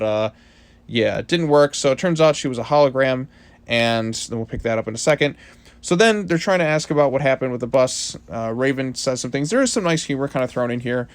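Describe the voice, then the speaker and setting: Casual rambling male comic reviewer. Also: medium pitch. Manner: rambling, filler-heavy, casual.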